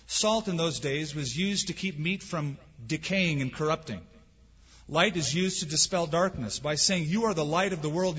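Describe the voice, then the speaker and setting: Husky-voiced man preaching in a reverberant hall. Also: fairly high pitch, fairly bright tone. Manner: earnest, emphatic preaching with rhetorical questions. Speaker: pastor. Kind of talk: sermon. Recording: dull lo-fi sound with long hall reverb.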